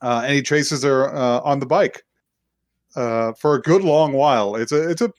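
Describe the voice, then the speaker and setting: A man's voice: mid-range voice, normal speed, dry recording, clean studio sound. Laughing man retelling an anime plot. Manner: rambling, laughing, acts out quotes. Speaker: podcast co-host. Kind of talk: casual anime recap chat.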